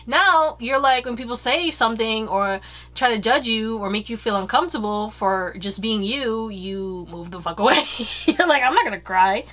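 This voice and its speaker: Woman tarot reader, fairly high voice, loose and candid, casual swearing and slang. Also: animated, normal speed. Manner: acts out quoted remarks in higher, louder voices. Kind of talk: casual pick-a-card tarot reading.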